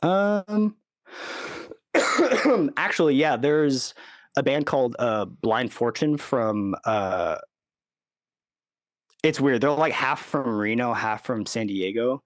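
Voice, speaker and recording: A man's voice: medium pitch, animated, slow, pauses often, dry recording. Man, casual rambling talk, filler-heavy, dry studio sound. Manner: rambling, full of "like" and "you know", acts out quotes. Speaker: recording engineer and producer, guest.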